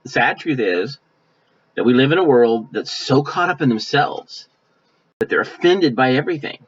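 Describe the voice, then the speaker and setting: A male pastor preaching a sermon in a folksy, conversational way, now and then mimicking offended people in quick asides. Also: mid-range voice, expressive, husky. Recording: dull lo-fi sound.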